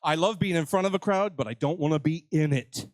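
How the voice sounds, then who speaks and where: A man's voice: on the high side, brisk, a little mellow, dry recording. An older man hosting a live convention panel, joking with the crowd and mocking himself. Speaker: panel host. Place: convention stage.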